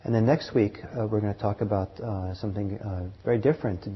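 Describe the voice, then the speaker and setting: A man teaching meditation to a live group, talking in a halting way with fillers, restarts and soft chuckles. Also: fairly low pitch, steady tone, slightly rough. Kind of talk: dharma talk to a group. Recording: dull lo-fi talk recording.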